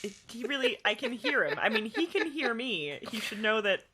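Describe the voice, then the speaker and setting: A woman's voice: fairly high pitch, sing-song, normal speed, bright, forceful tone, a little hiss or hum. A woman playing a tabletop game in casual chat, polite and a bit hesitant, with wry remarks.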